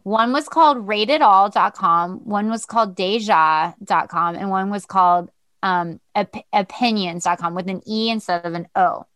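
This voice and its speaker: A woman's voice: medium pitch, moderate pace, fairly bright tone, clear, resonant tone, no echo. A woman co-hosting a podcast in casual chat, giggly and chatty with frequent laughter. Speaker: podcast co-host.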